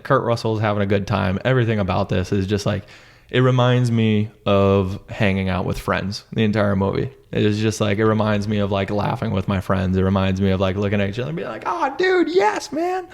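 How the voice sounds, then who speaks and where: A young man chatting excitedly about a movie, acting out lines in high silly voices. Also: fairly quick, vocal fry. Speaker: podcast co-host reviewing a movie. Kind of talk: casual chat, retelling scenes.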